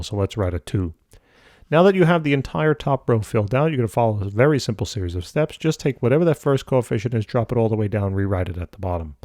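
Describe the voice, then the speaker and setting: A man walks through a math problem step by step, relaxed and upbeat, dropping the odd playful aside. His voice sits at an everyday middle pitch. The recording is dry and close, with no room sound around it. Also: no room sound. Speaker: math tutor.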